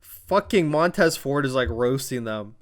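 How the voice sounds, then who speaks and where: A man from Canada recapping a wrestling show in a casual vlog, telling it excitably with lots of swearing and fillers. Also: mid-range voice, a little slow.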